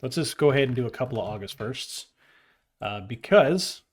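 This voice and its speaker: Man, mid pitch, relaxed tutorial host, informal and conversational with filler words. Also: moderate pace. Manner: loose, chatty explaining with slang and fillers. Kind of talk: casual screen-share tutorial.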